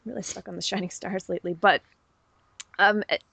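Gravelly-voiced woman chatting enthusiastically. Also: medium pitch, steady tone, fairly quick, sharp tone, no room sound. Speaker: podcast co-host. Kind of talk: casual wrestling recap chat.

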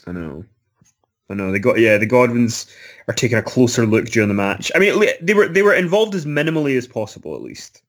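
A man talks in a relaxed, easygoing way and recaps events with frequent fillers. His voice sits at an ordinary middle pitch for a man. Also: fast talker. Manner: relaxed, recaps with fillers and little acted quotes. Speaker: podcast co-host. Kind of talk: casual chat recapping wrestling.

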